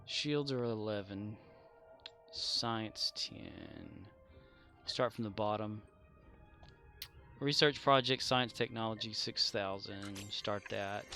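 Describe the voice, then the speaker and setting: A man's voice: fairly low pitch, sharp tone. A man streaming a game, chatting casually as he plays, joking, rambling off on tangents and laughing often. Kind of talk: casual gameplay chat.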